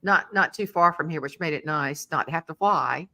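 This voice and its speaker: Bright, animated woman telling stories. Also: low-pitched, moderate pace. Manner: animated storyteller, acting out voices. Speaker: podcast host. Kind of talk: casual interview chat.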